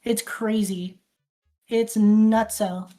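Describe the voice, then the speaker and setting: A woman's voice: mid-range voice, steady tone, extremely slow, mellow, faint music behind. A woman streamer casually recapping a film, rambling, restarting sentences and swearing often.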